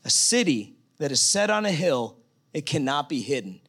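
High-voiced man preaching a sermon. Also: big pitch swings, normal speed, fairly bright tone, breathy edge. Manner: conversational, emphatic, reads scripture aloud.

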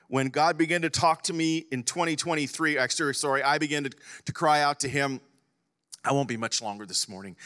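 A man preaching a sermon as a pastor, impassioned, rising to loud emphasis and dropping to hushed near-whispers. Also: fairly high pitch. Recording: reverberant hall.

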